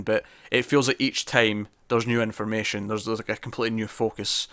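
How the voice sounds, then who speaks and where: Man, podcast co-host, bright tense voice, dry close mic, rambling casual chat full of fillers. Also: fairly low pitch, level tone, a little fast, clean tone, no echo. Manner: rambling, with many fillers and restarts. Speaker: podcast co-host reviewing a TV episode.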